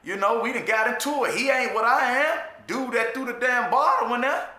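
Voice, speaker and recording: With a very high voice and a fairly quick pace, a man recounts his jail time in a casual spoken monologue recorded in an echoey room. The retelling is animated, full of restarts and repetitions, profane street slang, and repeated "you know what I'm saying."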